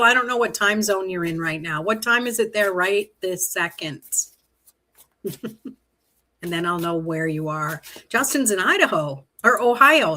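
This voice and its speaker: A woman's voice: mid-range voice, bright, forceful tone. A middle-aged Canadian woman hosting a casual tarot livestream, chatting with viewers and laughing easily as she reads the cards. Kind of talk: casual live-stream chat while reading tarot cards.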